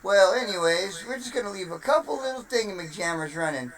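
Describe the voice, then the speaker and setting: A streamer voicing software as a folksy, drawling good old boy, a bit off-mic. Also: medium pitch, animated, fairly quick, far from the mic, faint music behind, rough recording.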